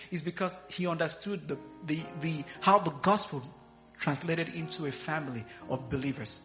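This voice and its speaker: Guy preaching in church, bright high voice, slow, jokes with the crowd, kinda dull recording. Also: soft background music. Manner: playful, asks the congregation questions and laughs. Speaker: pastor. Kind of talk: sermon. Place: church hall.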